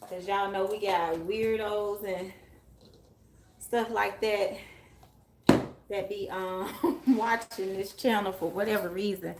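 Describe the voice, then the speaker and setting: A woman's voice: medium pitch, fairly even intonation, takes it slowly, pauses often, background noise. A woman tarot reader chatting casually with viewers during a live stream, calling them y'all and laughing often while she moves around fetching things.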